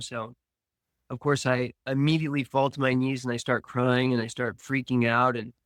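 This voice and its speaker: A man's voice: medium pitch, a bit bright, no echo, clean studio sound. A man recounting his past addiction as a podcast guest, telling it in present tense with quoted dialogue. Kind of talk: storytelling about addiction.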